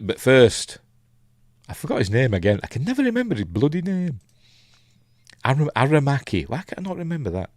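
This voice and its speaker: A man's voice: fairly low pitch, no echo, studio quality. A man with a Yorkshire accent hosting a casual live film commentary, rambling and hesitant with lots of ums and restarts, chuckling at his own asides. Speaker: film reviewer hosting a live watch-along.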